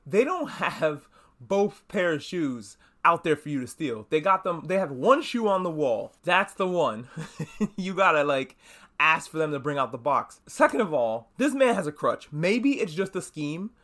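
An animated man talking solo on his own podcast, recapping episodes in a loose, rambling way. His pitch sits a little high and swings freely as he acts out characters' lines. He swears freely and jumps between asides. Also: unhurried. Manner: animated, swearing, acting out quotes in voices. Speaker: podcast host.

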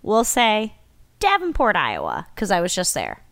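A woman co-hosting a podcast, telling stories in an animated, playful way in casual chat. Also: medium pitch, unhurried. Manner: animated storyteller who acts out her own outbursts. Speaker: podcast co-host.

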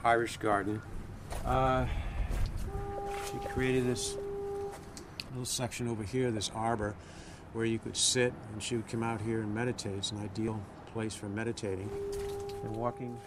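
Man showing ppl round a garden, slow halting recollection, raspy low voice, noisy outdoor recording. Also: flat delivery. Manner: halting, reflective, many fillers. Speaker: widower giving a home tour. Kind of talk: interview recollection while walking. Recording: outdoor noise with passing traffic.

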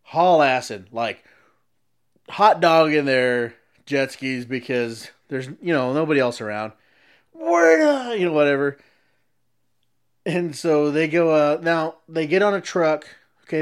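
A man's voice: medium pitch, clear, resonant tone. A man casually telling a long story, often restarting sentences as he explains.

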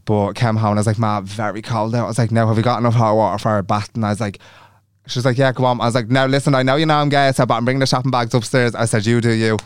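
Fast-talking young man telling stories. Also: medium pitch, fairly even intonation, clean tone, no echo. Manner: chatty storyteller who acts out quoted dialogue and swears freely. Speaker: podcast co-host. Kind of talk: casual chat.

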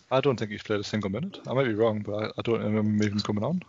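A man's voice: fairly low pitch, rapid-fire, a little mellow, a little hiss or hum. A man talking football on a podcast, wry and rambling, often restarting his sentences. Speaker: podcast pundit. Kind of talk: casual football chat. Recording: muffled lo-fi audio.

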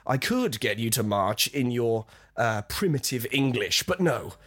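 Mock-stern Roman soldier drilling kids, as a man puts him on, bossy, mid-pitched. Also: lively intonation, a little slow, fairly bright tone.

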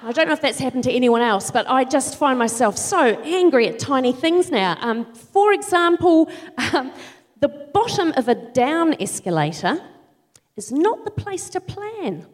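New lady doing stand-up, high lively voice, fed-up ranting, big theatre echo. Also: moderate pace. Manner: exasperated ranting with sudden shouted outbursts. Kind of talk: live stand-up comedy. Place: large theatre stage. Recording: live theatre with long reverb.

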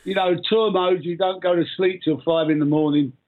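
Older London man, phone-in guest, relaxed anecdotal delivery, phone-quality audio. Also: sits high, moderate pace. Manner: relaxed storytelling with laughs. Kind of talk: interview. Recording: tinny phone line.

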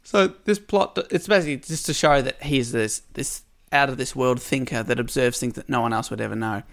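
A man's voice: mid-range voice, brisk, gravelly, a bit bright. A man co-hosting a casual podcast, retelling a classic story with wry asides and frequent laughter. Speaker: podcast co-host.

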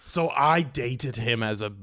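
A man voicing an elderly woman pop star telling her grandchildren a deadpan, rambling story. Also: medium pitch, a little slow, pitched below the performer's own voice, lightly acted. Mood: wry. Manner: deadpan, rambling, admits he cannot do voices.

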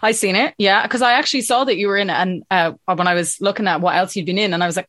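A woman's voice: mid-range voice, fast, hardly any pauses, dry recording, studio quality. An Irish woman hosting a casual podcast chat, telling stories and acting out quotes. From Ireland. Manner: lively storyteller, acts out quotes.

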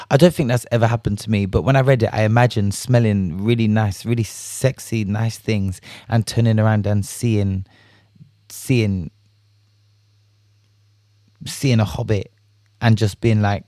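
A man hosting a casual solo chat, animated, laughing and swearing freely as he acts out reactions. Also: fairly low pitch, moderate pace, no room sound, clean studio sound.

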